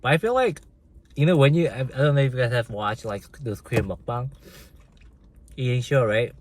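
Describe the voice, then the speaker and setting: A man's voice: medium pitch, normal speed, darkish tone. A man hosting a casual livestream, chatting with viewers and reading their comments aloud while he eats, laughing often. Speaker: livestream host.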